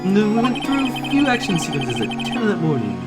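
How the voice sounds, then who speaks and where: A man's voice: sits high, huge pitch swings, brisk, pitched above the performer's own voice. A man doing a timid, stammering burly actor. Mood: nervous. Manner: hesitant, fearful, stammering. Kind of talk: fan dub of a video game. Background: loud game music.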